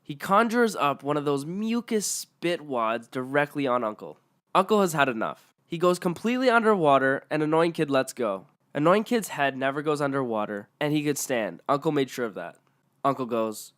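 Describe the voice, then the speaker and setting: A man's voice: fairly high pitch, expressive, moderate pace, a bit bright. A man narrating online stories aloud in a matter-of-fact way.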